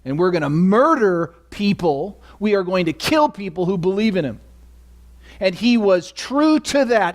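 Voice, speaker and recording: Animated preacher with a higher voice. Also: male voice, unhurried. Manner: swings from hushed asides to loud, rising emphasis; asks the congregation questions. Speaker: pastor. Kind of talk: sermon. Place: church sanctuary.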